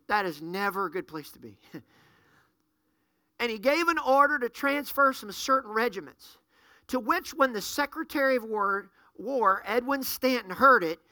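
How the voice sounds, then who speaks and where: A man's voice: high-pitched, bright, forceful tone, dry recording, studio quality. A man preaching a sermon, fervent and full of rhetorical questions to the congregation.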